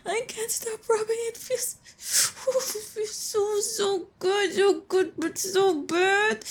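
Very high, slow, tearful young woman. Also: huge pitch swings.

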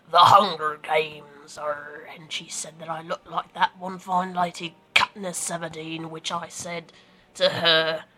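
A woman's voice: on the low side, a bit bright, a little hiss or hum. A woman chatting casually through a questionnaire, hesitant and full of ums, laughing often and now and then slipping into a jokey pirate voice. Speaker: audio creator answering a questionnaire. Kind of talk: casual chat.

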